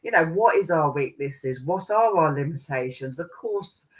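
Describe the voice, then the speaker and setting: A woman's voice: low-pitched, expressive, moderate pace. A woman channeling spirit guides, rambling and laughing often, now and then slipping into chanted light-language syllables.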